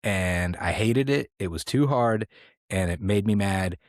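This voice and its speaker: A man's voice: fairly low pitch, measured pace, no echo, clean studio sound. A man co-hosting a comedy podcast, rambling in a playful, mock-serious way. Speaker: podcast co-host. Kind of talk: casual comedic podcast chat.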